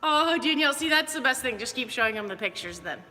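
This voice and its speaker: A woman's voice: high voice, expressive, quick pace, bright, forceful tone, in a large hall. A woman fitness coach giving upbeat, chatty movement cues during a live workout.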